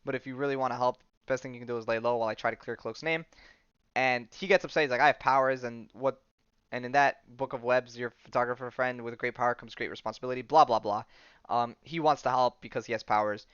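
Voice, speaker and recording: A man hosts a podcast, recapping comics in a loose, rambling manner studded with ums and likes. His voice is smooth and resonant. The recording is dry and close, with a dull, lo-fi tone. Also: mid-range voice, fairly even intonation, fast, a bit bright, dry recording. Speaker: podcast host.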